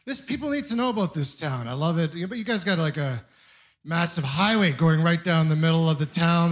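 A man's voice: on the high side, a bit bright. A man from Ontario performing a stand-up comedy routine, telling self-deprecating stories with punchy timing. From Ontario, Canada.

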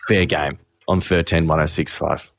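A man's voice: extremely low pitch, normal speed, gravelly. A man hosting a radio show, telling a story in casual banter and acting out the quotes. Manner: animated storyteller, acts out quotes. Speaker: radio host.

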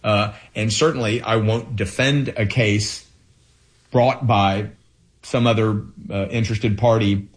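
Male political candidate, lowish voice; earnest, halting delivery full of fillers. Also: fairly even intonation. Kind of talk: interview answers.

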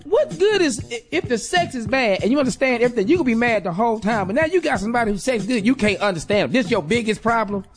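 A woman riffs through comic radio advice in a sassy, teasing way. Her voice sits high and swoops all over its range, with music playing behind her. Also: animated, quick pace, few pauses. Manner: sassy, teasing, acts out quotes. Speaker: radio show co-host. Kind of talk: comedic advice chat.

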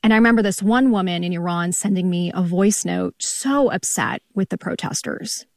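A female radio correspondent speaks in a measured, steady manner, her voice a little lower than most women's. The recording is dry and close, with no room sound around her. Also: vocal fry, no echo. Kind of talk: news interview.

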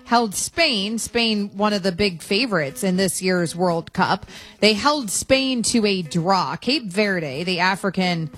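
A woman's voice: medium pitch, slow pace, a bit bright, soft background music. A woman hosting a sports radio show in a studio, chatting casually in a playful, teasing way and laughing easily. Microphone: studio microphone.

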